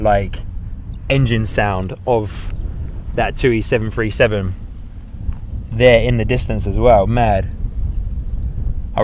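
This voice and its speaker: A man's voice: mid-range voice, slight background noise. A man hosting a live plane-spotting stream outdoors, giving casual running commentary and reading out chat messages in a friendly, upbeat way. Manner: chatty, reads out chat messages, upbeat asides. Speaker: plane spotting livestream host. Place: outdoors at an airport.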